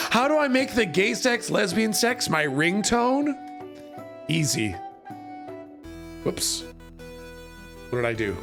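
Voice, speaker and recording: A man live-streaming and chatting casually with viewers, his voice worn and hoarse, laughing often and bursting out loudly. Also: high voice, sing-song, extremely slow, long pauses, over music. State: voice going, hoarse.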